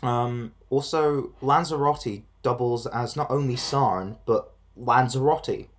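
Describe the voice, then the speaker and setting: A man's voice: medium pitch, takes it slowly. A man co-hosting a review show, chatting casually and joking with frequent laughter. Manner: chatty, jokey, laughs often. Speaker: reaction video co-host. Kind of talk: casual reaction chat.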